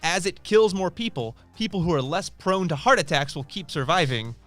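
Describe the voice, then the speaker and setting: A man's voice: on the high side, expressive, moderate pace, fairly bright tone, dry recording, faint music behind. A man co-hosting a casual live-stream podcast, explaining ideas with lots of restarts and fillers, recorded on a studio mic. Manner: chatty, explains with many restarts. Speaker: podcast co-host.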